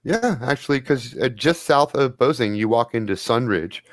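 A man narrating a tabletop role-playing game as game master, relaxed and rambling with fillers. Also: mid-range voice, normal speed.

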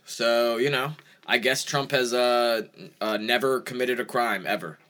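Young male podcast co-host, bright voice, halting deadpan delivery. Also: medium pitch. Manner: halting, many ums and uhs, deadpan. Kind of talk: casual podcast chat.

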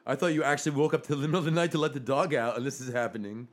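A man's voice: medium pitch, fairly even intonation, rapid-fire. A man in casual chat, teasing and swearing as he reacts. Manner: wry, teasing, profane.

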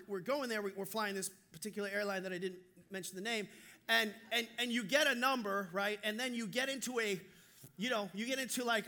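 A male pastor preaching a sermon, telling stories in an animated, joking way. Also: extremely high pitch.

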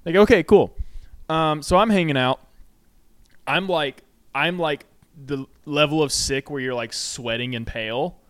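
A man's voice: fairly high pitch, unhurried, smooth. A man co-hosting a podcast, telling retail stories in casual, profane chat full of fillers. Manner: profane, animated anecdote-telling with many fillers. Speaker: podcast co-host. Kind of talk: casual storytelling. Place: home studio.

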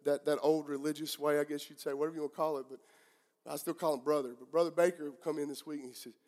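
High-voiced Southern US preacher in a reverberant hall. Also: male voice, level tone, fast talker, darkish tone. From southeastern United States. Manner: earnest preaching with frequent restarts and rhetorical questions. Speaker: pastor. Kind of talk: sermon. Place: church sanctuary. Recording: long church-hall reverb.

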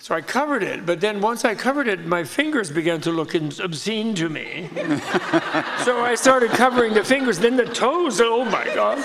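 A man's voice: sits high, moderate pace, gravelly, fairly bright tone, in a large hall, pitched above the performer's own voice, exaggerated voice. A man doing a sheepish, playful hermit saint. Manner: apologetic, mock-innocent, chuckling.

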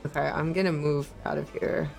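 A tabletop player talks through moves and attacks hesitantly, asking rule questions as they go. The voice has a gravelly edge at a middle pitch, with faint music behind. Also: steady tone, normal speed, a little mellow. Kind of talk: casual tabletop play.

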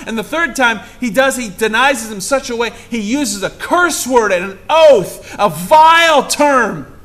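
Delivering a sermon in church at a normal speed, this pastor has a fairly bright voice. He plays out quoted lines dramatically, shifting sharply in pitch and volume, and asks the people in the pews direct questions.

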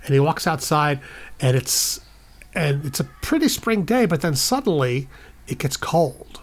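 A man's voice: on the high side, sing-song, a little slow. A man, a guest podcast host, improvising a playful bedtime story and acting out the characters' lines in raised voices.

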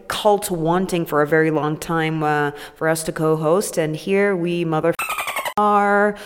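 A woman's voice: deep voice, steady tone, a little slow. A woman hosting a casual solo comedy podcast, irreverent and crude, talking to herself and cracking jokes. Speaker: podcast host. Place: new home with echoey room. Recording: echoey room with long reverb.

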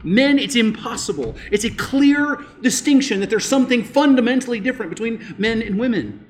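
A man preaching a sermon as pastor, emphatic, rising on key points and dropping low and slow to press them home. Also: animated.

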